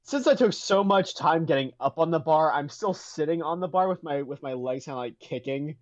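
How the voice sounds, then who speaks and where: A man's voice: on the high side, animated, fairly quick, dry recording. An American man playing in a tabletop game, who stammers, giggles and describes his character's actions. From United States. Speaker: player. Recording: dull lo-fi mic.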